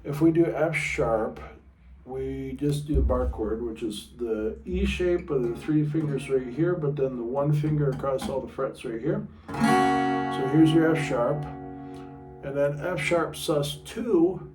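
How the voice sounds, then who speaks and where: A man's voice: mid-range voice, a little slow, recorded from a distance. Casual man teaching guitar in an echoey room. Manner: loose and thinking aloud, checks notes mid-sentence; talks with a pick in his mouth at times. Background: guitar playing.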